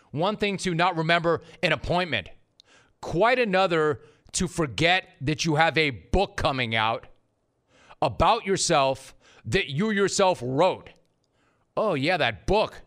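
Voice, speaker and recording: A man's voice: fairly high pitch, animated, a little slow, fairly bright tone. A man hosting a sports talk show, delivering a sarcastic monologue and repeating his punchlines for effect. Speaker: sports radio host.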